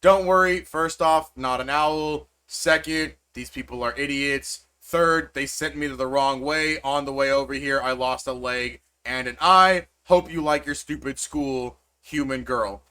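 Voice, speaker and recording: A man's voice: medium pitch, steady tone, measured pace, few pauses, pushed and bright, clean tone. A man voicing a grumpy, sarcastic raven who delivered a letter. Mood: annoyed. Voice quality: snarky, insulting.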